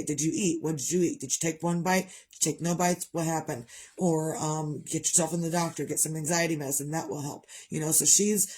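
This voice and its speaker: A woman's voice: fairly low pitch, mellow. A middle-aged woman chatting candidly to her viewers, rambling and open about her grief. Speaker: vlogger. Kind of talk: casual chat.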